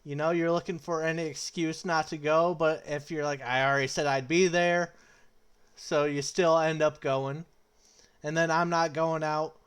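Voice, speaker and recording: A man's voice: a little high, level tone, moderate pace, smooth. A young man co-hosting a casual chat, joking, with stammering restarts as he introduces each topic. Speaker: podcast co-host.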